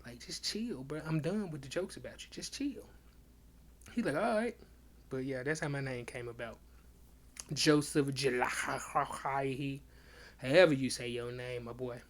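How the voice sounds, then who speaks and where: A man's voice: medium pitch, a little fast, few pauses. A young man, a comedian hosting his own podcast, telling stories in loose slang and acting out both sides of old arguments in casual livestream chat.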